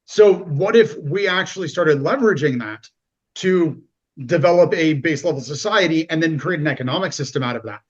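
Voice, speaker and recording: A man in casual podcast talk, animated and fond of acting out quoted voices. His voice sits fairly high, and the recording sounds dull and lo-fi. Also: normal speed, slightly rough. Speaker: podcast guest. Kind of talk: casual conversation.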